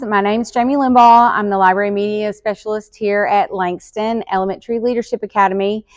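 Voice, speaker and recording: A woman school librarian reading a children's picture book aloud in a lively, expressive way. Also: mid-range voice.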